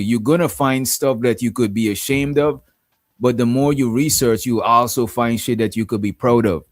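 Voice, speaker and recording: A man's voice: mid-range voice, no room sound. A man hosting a casual stream in an ordinary mid-range voice. He rambles loosely and keeps tossing in filler asides. His voice is recorded dry and close, with no room sound. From Guyana. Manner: rambling, frequent "you know what I'm saying". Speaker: streamer host. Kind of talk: casual live-stream chat.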